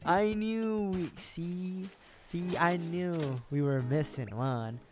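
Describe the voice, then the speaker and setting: A man with a fairly high voice talks slowly and casually during a gaming livestream. The streamer rambles, corrects himself and chuckles often while game music plays behind him.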